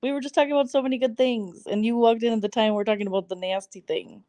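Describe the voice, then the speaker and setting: A woman vlogger chatting casually on a late-night live stream from home on her phone, giggly and quick to react dramatically. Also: fairly high pitch, fairly even intonation, warm tone, no echo. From Southern California. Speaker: vlogger hosting a live chat. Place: at home, settled somewhere comfy.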